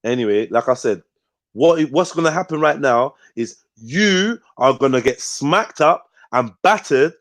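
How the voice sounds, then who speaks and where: During a heated live panel show, the host argues combatively, swears plenty and ends his points with "yeah?". He has a medium-pitched, fairly bright voice with lively intonation and a measured pace.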